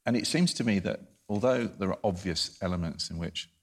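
A man with a very deep, low voice talks about a novel in a relaxed discussion. He stumbles and restarts often, repeating words as he feels his way toward a point. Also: fairly quick, husky. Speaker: book discussion panelist. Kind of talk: casual literary discussion.

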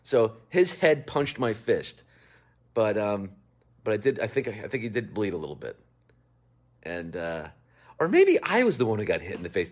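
A man of middling pitch tells stories in a loose, rambling way. He pokes fun at himself as he answers questions in a casual video message. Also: very animated, moderate pace, pauses often, a little mellow. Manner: rambling, self-deprecating, jokey. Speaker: guest recording a video message.

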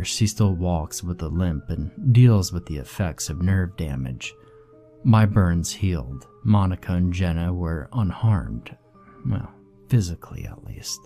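A man narrating a horror story in a grave, measured first-person telling. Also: sits low, warm tone. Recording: faint background music.

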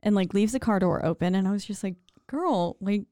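A woman's voice: medium pitch, steady tone, fast, warm tone, dry recording, clean studio sound. A woman co-hosting a horror movie podcast, chatting casually, laughing often and swearing freely. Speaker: podcast co-host. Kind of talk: casual chat.

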